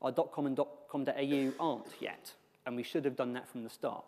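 A man's voice: medium pitch, fairly even intonation, a little fast, darkish tone, slight background noise. A man giving a conference presentation with wry, joking asides. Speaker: conference speaker. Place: large lecture hall. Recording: echoey hall reverb.

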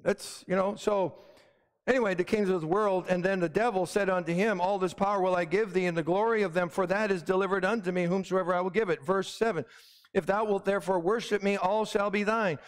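A man's voice: sits high, fairly even intonation, a little fast, in a large hall. A man preaching a sermon as pastor, emphatic, often calling out "Amen?" to the congregation. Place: church sanctuary.

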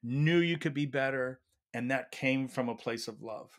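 Male academic guest, storytelling answers, mid-range voice, animated. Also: mid-range voice, normal speed. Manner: animated storyteller, acts out quotes. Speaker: leadership professor, guest.

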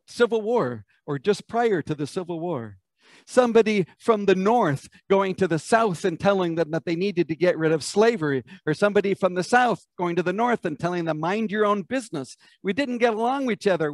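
An American pastor preaches a sermon, retelling a scripture passage as a vivid story. He often invites listeners to picture the scenes. His voice is fairly high, and the sound is dry and close. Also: dry recording. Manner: vivid storytelling, asks the congregation to imagine.

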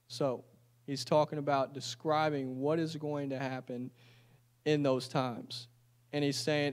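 A man's voice: a little high, fairly even intonation, moderate pace, darkish tone. A man preaching a sermon in a church. He reads scripture aloud and then explains it in casual, everyday talk. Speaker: pastor.

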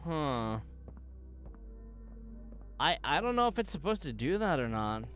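A man streaming a video game, reacting out loud in an excitable way, swearing and jumping to sudden shouts. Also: a little high, measured pace, soft background music. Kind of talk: gaming livestream commentary.

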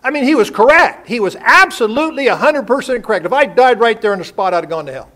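A man's voice: very high voice, expressive, fast talker, sharp tone. An older man preaching a sermon, folksy and full of rhetorical questions and homespun stories. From United States. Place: church sanctuary.

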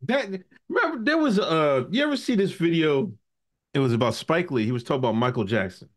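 A man hosting a casual podcast, telling stories with animated, profane banter. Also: fairly high pitch, fairly quick. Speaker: podcast host.

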